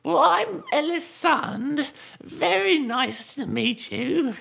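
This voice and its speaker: A creaky, frail old half-elf lady. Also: high voice, lively intonation, fairly bright tone, full character voice. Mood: kindly. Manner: sweet, slow and grateful. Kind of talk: tabletop role-play.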